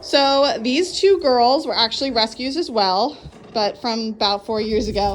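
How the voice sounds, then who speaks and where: Young woman, farm-tour vlogger, slightly high voice, chatty and upbeat, a bit breathless on a phone mic with faint outdoor noise. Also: unhurried. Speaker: farm owner giving a tour. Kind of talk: casual walking tour vlog.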